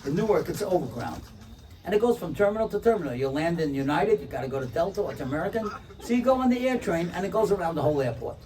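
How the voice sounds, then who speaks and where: A male rabbi giving an inspirational talk, telling a story with lively, acted-out voices for its characters. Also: high voice, fast talker. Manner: animated, acts out the characters' lines. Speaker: rabbi, speaker. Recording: distant mic with faint room noise.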